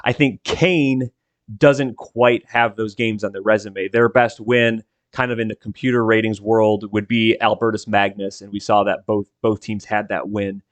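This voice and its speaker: Michigan man, low voice, thinking aloud. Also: fairly even intonation, moderate pace, no echo. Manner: thinking aloud, hedging, fillers. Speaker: podcast co-host, poll voter. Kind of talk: casual sports podcast chat.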